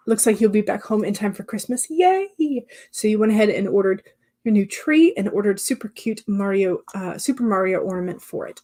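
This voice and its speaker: A woman hosting a writing livestream, casually reading out viewers' comments and answering them in a chatty way, sometimes dropping to soft murmurs. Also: medium pitch, fairly quick. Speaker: livestream host.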